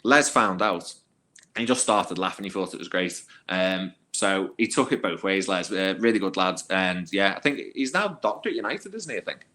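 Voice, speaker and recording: A man, a former youth footballer, telling anecdotes as a podcast guest in a casual, animated way with plenty of fillers. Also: low-pitched, normal speed. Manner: animated, acts out quoted voices, filler-heavy.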